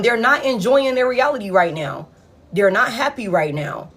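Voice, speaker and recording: A woman, giving a collective tarot reading in a blunt, profane, animated way. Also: on the high side, moderate pace. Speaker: tarot reader.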